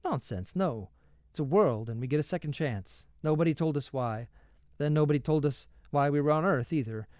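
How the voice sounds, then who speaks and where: A man's voice: fairly high pitch, expressive, moderate pace, a little mellow, no room sound, studio quality, close to an everyday voice. A man reading aloud, voicing a tart, spry old grandmother who brushes off questions. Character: tart old grandmother come back to life.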